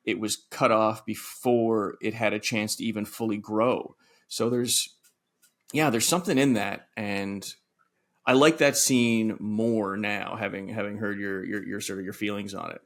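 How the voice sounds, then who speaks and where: A man's voice: fairly low pitch, fairly even intonation, unhurried, fairly bright tone. A man co-hosting a film podcast, speaking thoughtfully and reflectively in casual discussion. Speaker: podcast co-host.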